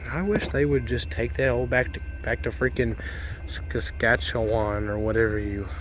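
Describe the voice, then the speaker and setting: A man's voice: medium pitch, measured pace, background noise. A young man showing off his old pickup truck in a rambling, jokey way, full of folksy slang. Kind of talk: casual joking truck review.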